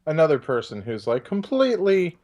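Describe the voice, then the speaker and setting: A man's voice: a little high, very animated, a little fast, darkish tone. A man co-hosting a casual film-review podcast, laid-back with brief replies and frequent laughter. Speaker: podcast co-host.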